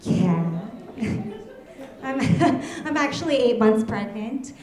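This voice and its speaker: A woman's voice: on the high side, animated, slow pace, darkish tone. Giggly woman doing stand-up, echoey club. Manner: chatty storytelling, giggles at her own jokes. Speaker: stand-up comedian. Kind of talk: stand-up comedy set. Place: comedy club stage.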